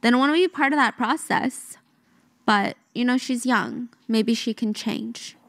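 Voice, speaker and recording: Woman, casual storyteller, chatty, fillers, slightly high voice. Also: measured pace, dry recording. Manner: chatty, lots of 'like' fillers.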